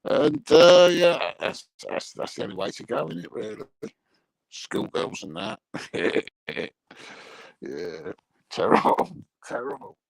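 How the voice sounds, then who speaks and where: A man's voice: mid-range voice, big pitch swings, slow pace, gravelly, long pauses, no room sound, rough recording. A man rambling through crude comic chat, bawdy and meandering, chuckling at his own jokes. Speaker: comic monologue host.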